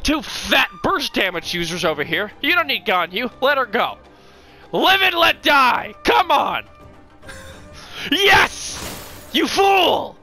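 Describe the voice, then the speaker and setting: Wildly excitable, hoarse gamer voice. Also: mid-range voice. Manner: shouts, taunts the opponent, bursts of laughter. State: hoarse from shouting. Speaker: gaming video creator. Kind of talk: excitable card game commentary.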